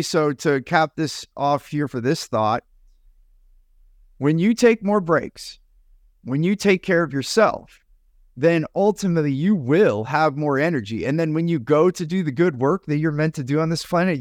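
An American man co-hosts a podcast in a slightly high voice at a moderate pace, recorded studio-clean with no echo. He chats casually and acts out his own past remarks as he tells stories.

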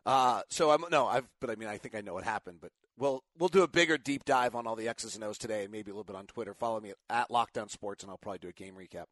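A man's voice: on the low side, fast talker, few pauses, fairly bright tone, no echo. A middle-aged man hosting a casual sports talk show, a rambling storyteller who keeps correcting himself, tired after little sleep.

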